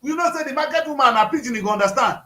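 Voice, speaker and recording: Nigerian guy cohosting a chat, real high voice, gets loud and emphatic, echoey room. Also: lively intonation, very fast. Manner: emphatic, rising to outbursts. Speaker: co-host. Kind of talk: casual panel chat.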